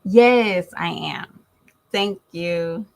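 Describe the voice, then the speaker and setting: A middle-aged mother talking to her viewers in a chatty, animated storytelling way. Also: on the low side, drawn-out words, creaky, rough recording. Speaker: vlogger and mother. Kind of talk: casual chat to viewers.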